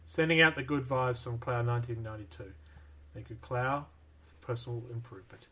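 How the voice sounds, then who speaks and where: A man's voice: mid-range voice, brisk, bright, forceful tone. An Australian man hosting a casual podcast chat, playful and full of questions for his co-hosts. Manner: playful, jokey, asks lots of questions. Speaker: podcast host.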